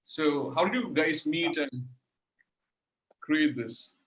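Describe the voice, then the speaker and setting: Male host, hesitant questions, lots of fillers, slightly high voice. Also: lively intonation, slow, fairly bright tone, echoey room, rough recording. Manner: hesitant, many filler sounds. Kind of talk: interview questions.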